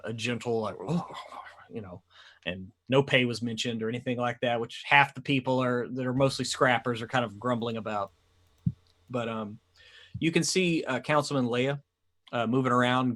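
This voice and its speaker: A man's voice: medium pitch, a bit bright. A man narrating a tabletop game as game master, rambling with lots of fillers.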